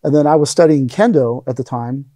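A man's voice: medium pitch, a little fast, warm tone, no room sound. A middle-aged man telling stories in a casual interview, acting out the lines he quotes. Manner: rambling anecdotes, acts out quoted lines. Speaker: interview guest, aikido teacher.

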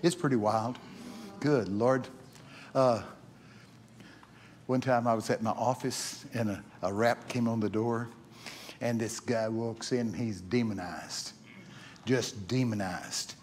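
A man preaching to a congregation, spinning folksy stories in his middle-pitched voice. He repeats himself as he goes and keeps climbing into loud, excited exclamations. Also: slow, pauses often, a little hiss or hum. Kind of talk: sermon with storytelling. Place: church.

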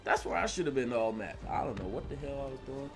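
A young man rambling through a gameplay commentary, animated and slangy, laughing as he tells stories and sounding a bit sniffly. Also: medium pitch, fast talker, over music. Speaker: gaming video host. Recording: gunfire and clicks under voice. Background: in-game gunfire.

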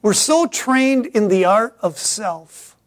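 A middle-aged man from Michigan preaching a sermon as pastor, swinging from quiet asides to loud emphatic peaks. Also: sits high, lively intonation, takes it slowly. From Michigan, USA.

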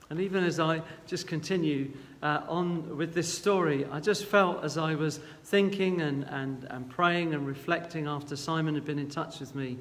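An earnest male preacher with a slightly high voice, retelling a Bible story gently and with frequent restarts. A long reverb tail follows his words, as in a large hall. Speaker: guest preacher.

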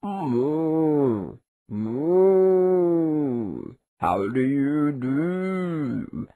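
A woman voicing a hungry cow with slow, drawled mooing speech. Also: deep voice, big pitch swings, no echo, phone-quality sound, heavily acted. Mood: greedy.

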